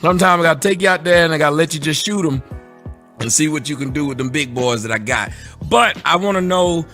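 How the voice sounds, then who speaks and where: A man hosting an interview, talking in a relaxed, easygoing way that turns animated when he jokes. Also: on the high side, quick pace, soft background music. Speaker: host. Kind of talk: casual interview.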